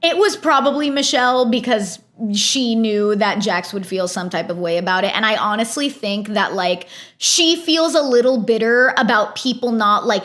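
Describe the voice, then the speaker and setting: A woman's voice: fairly high pitch, fairly bright tone. Chatty opinionated woman recapping reality TV. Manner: opinionated, chatty, exasperated asides. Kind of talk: casual recap commentary.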